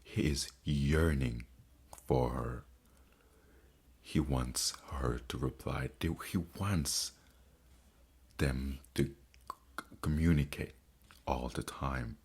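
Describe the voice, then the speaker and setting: Very deep-voiced man reading letters slowly. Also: little pitch movement, a little mellow, breathy edge. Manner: slow, halting reading with restarts. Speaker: book reader and commentator. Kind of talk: reading letters aloud with commentary.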